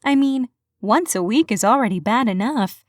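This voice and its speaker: A woman's voice: on the high side, animated, moderate pace, no echo, clean studio sound, lightly acted. A woman voicing a chatty, giggly young woman in her twenties in an audiobook. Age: 20s. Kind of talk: audiobook character voice.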